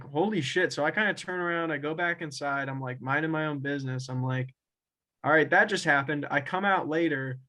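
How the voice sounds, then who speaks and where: This young man co-hosting a casual podcast has a voice on the high side with a fairly bright tone, captured poorly through his own camera and mic at home. He tells a rambling story full of swearing, interrupted by laughter.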